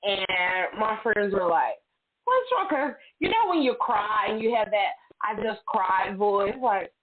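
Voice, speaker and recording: A woman's voice: medium pitch, measured pace. A middle-aged woman hosting a casual chat, candid and chatty, acting out her own stories. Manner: candid, chatty, animated self-quoting storyteller. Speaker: host. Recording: tinny phone-like audio.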